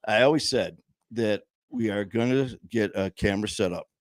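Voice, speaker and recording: A man with a fairly low voice hosts a casual chat show from his home studio, talking at normal speed through a headset. As a podcast host, he rambles with many fillers and restarts, and the recording is dry.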